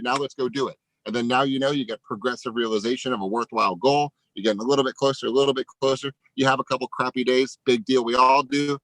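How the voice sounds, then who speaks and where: A man giving an energetic motivational pep talk as a sales coach, emphatic, tagging lines with "right?". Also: mid-range voice, fast talker, few pauses, dry recording, low-quality recording.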